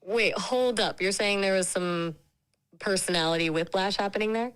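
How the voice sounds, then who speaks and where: A woman's voice acting as an AI chat companion, upbeat and polite, quick to agree in casual chat. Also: mid-range voice, fairly bright tone, clean tone.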